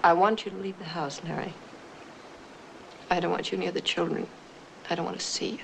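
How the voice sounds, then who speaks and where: A woman's voice: fairly low pitch, flat delivery, fairly quick, vocal fry, noisy background. An actress playing a hurt, tearful wife who confronts and then pleads with her unfaithful husband, in the style of a 1960 Hollywood film. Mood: bitter.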